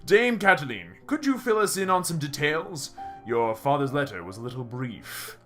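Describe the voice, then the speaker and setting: A man voicing an awkward, polite male falcon lawyer in a game, halting with many hesitations. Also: fairly high pitch, very animated, a bit bright, faint music behind.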